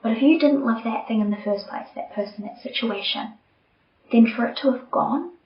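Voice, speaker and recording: Young woman host, candid, heartfelt monologue, occasional hushed asides, echoey room, bit dull. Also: on the high side, moderate pace. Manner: candid, earnest, softening to near-whispers at tender moments. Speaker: podcast host. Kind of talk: personal reflective monologue. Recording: roomy, slightly dull home recording.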